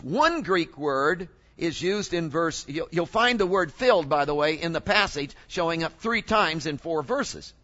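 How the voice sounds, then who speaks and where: A man with a voice that sits high preaches animatedly, frequently exclaiming and putting questions to the congregation. The audio is lo-fi.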